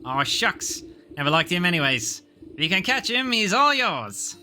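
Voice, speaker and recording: A scruffy young frog-keeping boy in a video game, full of rustic slang and shifty swagger. A man acts him out, and the voice sits up high and leaps around with a bright, sharp edge. He wheedles and brags in the same breath. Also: very animated, moderate pace, soft background music, heavily acted. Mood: evasive.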